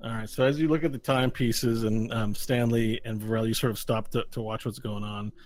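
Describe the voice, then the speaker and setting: A man's voice: lowish voice, steady tone, fairly quick, darkish tone, a little hiss or hum. A man narrating as game master of a tabletop game, rambling with frequent restarts. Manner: rambling, restarts often, laughs along.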